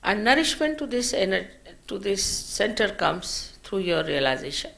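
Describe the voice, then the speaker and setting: A woman teacher giving a slow, measured spiritual lecture at a public program, her phrases trailing off softly. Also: mid-range voice, big pitch swings, creaky. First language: Marathi.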